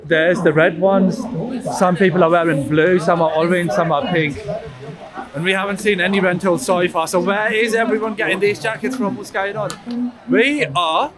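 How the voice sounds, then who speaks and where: A man's voice: high-pitched, moderate pace, crowd noise. A man chatting enthusiastically as a travel vlogger outdoors at a mountain scenic area. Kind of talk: casual travel vlog.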